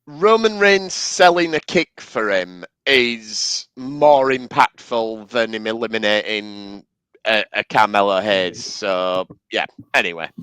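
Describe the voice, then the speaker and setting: Man, smooth resonant voice, dry close sound, casual chat, enthusiastic wrestling explainer. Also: fairly low pitch, expressive, slow, pushed and bright, no echo. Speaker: wrestling fan co-host.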